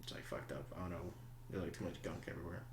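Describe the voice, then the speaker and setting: A man's voice: sits low, racing. A young man co-hosting a podcast, cracking crude jokes in casual chat. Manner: joking, crude humor. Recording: roomy echo.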